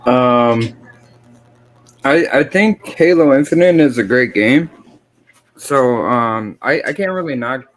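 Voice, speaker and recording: A man on a gaming podcast panel, talking in a relaxed, hedging way with frequent ums and casual swearing. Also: medium pitch, slow, long pauses.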